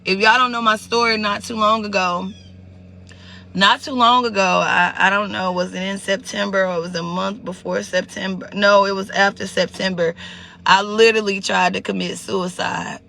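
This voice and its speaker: Male live-streamer, high and bright with a gravelly edge, emotional and repetitive, chatting directly to viewers. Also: level tone, normal speed, a little hiss or hum. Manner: emotional, repeats words, greets viewers by name.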